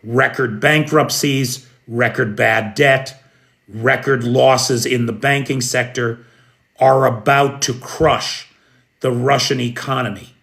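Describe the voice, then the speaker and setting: Slow, emphatic American man commenting. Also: medium pitch, fairly even intonation, vocal fry, fairly bright tone. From United States. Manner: emphatic, opinionated, addresses viewers by name. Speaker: news commentator. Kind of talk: live news commentary.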